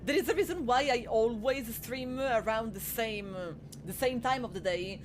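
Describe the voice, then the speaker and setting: A playful woman with an Italian accent chats to her stream audience as she plays, cracking jokes along the way. Her voice sits a little on the high side. A steady layer of noise runs under her home microphone. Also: moderate pace. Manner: playful, jokey, addresses chat. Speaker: game streamer. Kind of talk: casual live-stream commentary.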